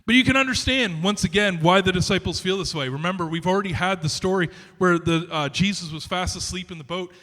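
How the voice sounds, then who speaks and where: Bright, animated male preacher in a hall. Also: high-pitched, brisk, hardly any pauses. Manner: animated, conversational preaching with many restarts and asides. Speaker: pastor. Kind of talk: sermon. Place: church sanctuary. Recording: reverberant church hall.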